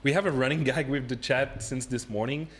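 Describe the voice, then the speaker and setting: A man's voice: medium pitch, fairly even intonation, a little fast. An upbeat, chatty man hosting a casual livestream conversation with guests at a convention. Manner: upbeat, chatty, reads out chat messages. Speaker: livestream host. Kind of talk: casual chat. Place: convention venue.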